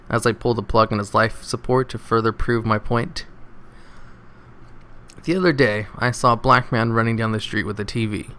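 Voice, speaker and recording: A man reading jokes from online posts aloud, adding laughing asides and comments between them. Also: lowish voice. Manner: reads flatly, then laughs and comments on the jokes.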